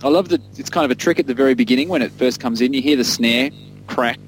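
A man's voice: mid-range voice, quick pace, slight background noise, low-quality recording. A man co-hosting a casual music podcast, rambling enthusiastically and laughing often. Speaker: podcast co-host discussing an album.

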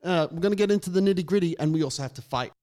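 A fairly high-voiced man co-hosting a casual fan podcast. He gives opinions freely, hedging with ums and restarts as he goes. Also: very fast, warm tone. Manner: opinionated, hesitant with many fillers. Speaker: podcast co-host.

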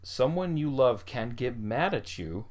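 A man's voice: medium pitch, lively intonation, unhurried, a little mellow. A man in his late thirties talking candidly and reflectively in a casual group chat.

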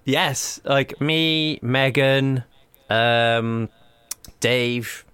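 A man co-hosting a gaming podcast, telling stories in an animated, chatty way. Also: medium pitch, clean tone, dry recording. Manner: animated storyteller, quick asides. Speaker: podcast co-host. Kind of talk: casual chat.

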